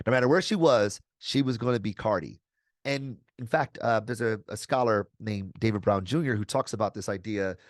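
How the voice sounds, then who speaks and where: A man with a fairly low, dry-sounding voice talks as a guest on a video call. He is energetic and articulate, mixing in casual slang as he explains his ideas. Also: no echo. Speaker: guest author. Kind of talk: conversational interview answers.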